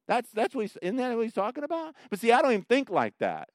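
A middle-aged man preaching a sermon in a relaxed, storytelling way. His voice is very animated in pitch, leaping up for emphatic exclamations and sinking low and soft for reflective lines. The sound is close and dry, with little room around it. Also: quick pace, dry recording. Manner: conversational storytelling, swinging between loud emphatic bursts and soft near-whispers. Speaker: pastor.

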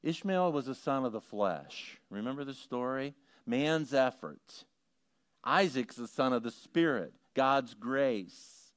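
Middle-aged male pastor, animated sermon delivery, smooth resonant voice, dry close sound. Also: mid-range voice, no echo. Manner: animated preaching, swings from quiet storytelling to rising emphatic questions.

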